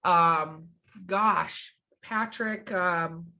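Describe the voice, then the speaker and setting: A woman's voice: fairly low pitch, very slow, sharp tone. A woman co-hosting a podcast in casual chat, enthusiastic and sometimes trailing off as she searches for names. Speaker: podcast co-host.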